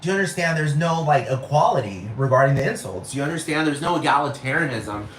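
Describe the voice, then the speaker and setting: A man's voice: on the high side, lively intonation, fast talker, a bit bright. A man from Texas hosting a solo podcast, ranting casually in a rambling, profane way and constantly asking if the listener follows. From Texas, United States. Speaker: podcast host. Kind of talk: casual monologue rant. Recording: echoey room with faint noise.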